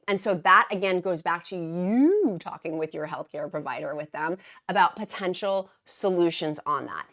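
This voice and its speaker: A woman vlogger talking casually and emphatically to her viewers, repeating words for stress and dropping into quieter asides. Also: lowish voice. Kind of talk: casual explainer vlog.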